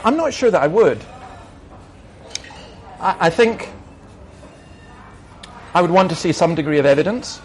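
Middle-aged male minister fielding questions; firm, argumentative delivery, slightly raised pitch. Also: slight background noise. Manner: emphatic, argumentative, anecdotal. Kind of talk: answering audience questions.

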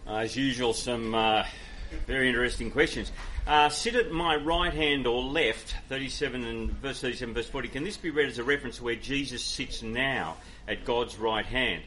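A man from Ireland gives a sermon and takes questions, speaking earnestly and conversationally, often pausing on fillers and restarting his phrases. His voice sits at an ordinary middle pitch. A faint background noise sits under the recording. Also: sharp tone. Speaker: pastor.

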